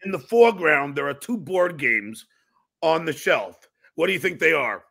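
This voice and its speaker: Gravelly bright-voiced New York host. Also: male voice, on the high side, expressive, moderate pace. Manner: loose, rambling, reads out fan messages. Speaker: podcast host. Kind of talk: casual podcast conversation.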